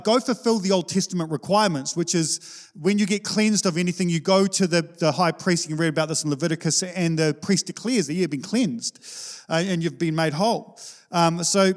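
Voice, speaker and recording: A man, preaching a sermon to his church in an informal, conversational way. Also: sits high. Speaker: pastor. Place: church hall. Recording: long reverb of a church hall.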